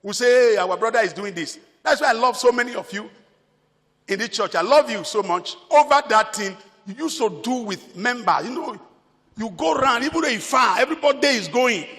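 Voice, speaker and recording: A man's voice: very high-pitched, expressive, fairly quick, fairly bright tone, big-room sound. A Nigerian man preaching a sermon as pastor, emphatic, repeating his phrases.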